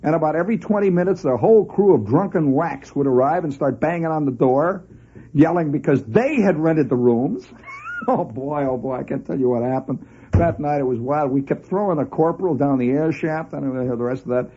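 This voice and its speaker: A man telling a long story on the radio in an animated, conversational way, often laughing as he goes. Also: fairly high pitch, brisk, slight background noise. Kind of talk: spoken storytelling monologue. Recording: dull lo-fi old radio recording.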